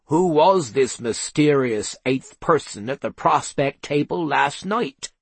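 A man reading aloud, voicing a confident gentleman in an easygoing, assured way. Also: fairly high pitch, expressive, takes it slowly, vocal fry, breathy edge, no echo, full character voice. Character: confident man, relishing a challenge.

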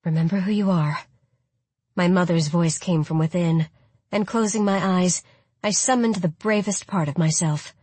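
A woman narrating a first-person story as an audiobook, with steady storytelling. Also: fairly low pitch, moderate pace, breathy edge, dry recording. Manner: steady storytelling with quoted replies.

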